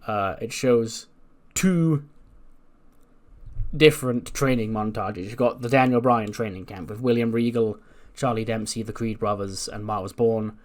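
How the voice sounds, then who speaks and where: A man's voice: fairly low pitch, a little slow. A man casually narrating a wrestling simulation game playthrough, chatty and prone to correcting himself mid-sentence. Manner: chatty, laughing asides, self-correcting. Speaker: game channel host.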